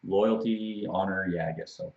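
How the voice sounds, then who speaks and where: A man with a very deep voice retells a TV episode in a loose, chatty way and slips into the characters' lines as he goes. The sound is dull and lo-fi, and the room echoes around him. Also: steady tone, moderate pace, darkish tone. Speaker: show co-host. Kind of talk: casual TV recap chat.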